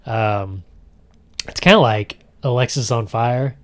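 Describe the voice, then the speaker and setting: A man's voice: mid-range voice, takes it slowly. A man hosting a podcast in a casual chat, talking in a chatty, rambling way and often laughing. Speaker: podcast host.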